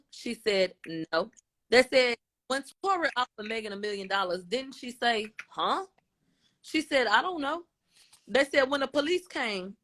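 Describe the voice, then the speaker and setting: A woman radio host recounting court testimony in casual talk, quoting each question and answer. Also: mid-range voice. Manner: retells a dialogue, quotes each question and answer in a lively tone.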